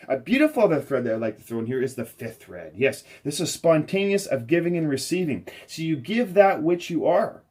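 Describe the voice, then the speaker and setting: Man, husky voice, inspirational spiritual speaker; effusive, swings from hushed to soaring. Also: fairly high pitch, very animated, a little fast, hardly any pauses. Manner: effusive, swinging from soft murmurs to loud, soaring emphasis. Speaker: spiritual healer.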